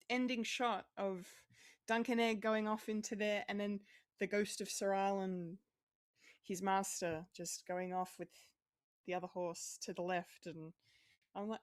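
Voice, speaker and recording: A woman with a mid-range voice co-hosts a podcast, chatting casually and rambling with plenty of fillers, restarts, and swearing. The recording is dry and clean, with studio quality.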